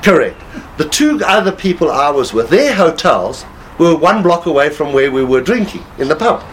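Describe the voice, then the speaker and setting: A man with a fairly high voice that swoops up and down as he spins a story, chuckling between lines. He talks casually as a guest. Faint noise hums behind him. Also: normal speed, rough recording. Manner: animated storyteller, laughs while talking. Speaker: guest telling stories. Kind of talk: casual anecdote telling.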